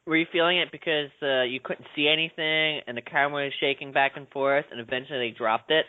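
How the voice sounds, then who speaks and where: A sarcastic man pokes fun at a film during a casual panel chat, his tone mocking and dismissive. His voice sits a little high. It sounds dry and close, squeezed through a thin, phone-like band. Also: steady tone, fast, clean tone, dry recording. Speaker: podcast panelist. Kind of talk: casual movie discussion.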